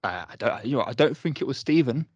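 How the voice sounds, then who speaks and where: A man's voice: medium pitch, lively intonation, fast, husky, dry recording, highs cut off. A British man co-hosting a casual chat, easygoing and agreeable, laughing along with his partner. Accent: British English. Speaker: podcast co-host.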